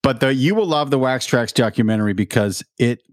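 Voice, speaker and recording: A man hosts a relaxed, reminiscing conversation with an old friend. He laughs easily and keeps a friendly tone. His voice sits at an ordinary pitch and sounds dry and close, with no room around it. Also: fairly quick, no echo. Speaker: host. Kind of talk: casual interview chat.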